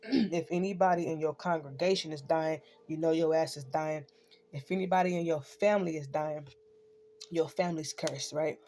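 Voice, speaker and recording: She has a deep, warm voice with a steady tone at a normal speed. An online spiritual speaker, she delivers a casual, swearing-filled rant, constantly checking in with "right?"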